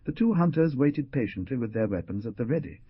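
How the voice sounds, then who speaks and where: A man narrating an adventure audiobook in an expressive storytelling manner. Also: medium pitch, fairly quick, husky, no room sound. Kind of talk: scripted narration. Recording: dull dry lo-fi.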